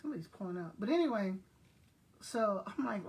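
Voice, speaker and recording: A woman's voice: mid-range voice, lively intonation, quick pace. Older lady from south texas just chatting to the camera, telling stories and talking right to her viewers, easygoing. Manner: chatty storyteller who talks straight to her viewers. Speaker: retired school principal vlogger. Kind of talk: casual chat.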